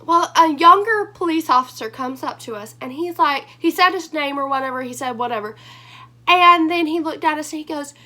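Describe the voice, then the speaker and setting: In a storytime vlog, a young woman with a high, bright, hoarse voice rambles through her tale. She's animated and full of fillers, telling it quickly and with lots of energy.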